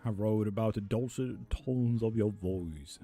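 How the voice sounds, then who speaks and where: Laid-back man with a mellow voice. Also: lowish voice, measured pace, husky, faint music behind. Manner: casual, reads chat aloud and answers offhandedly. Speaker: tarot reader streamer. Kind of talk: live stream chat answering.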